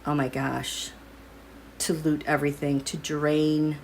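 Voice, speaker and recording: A woman's voice: low voice, level tone, slow pace, vocal fry, a little mellow, a little hiss or hum. A woman giving a casual tarot and astrology reading to her viewers, musing aloud as she turns over cards. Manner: musing, thinking aloud while drawing cards.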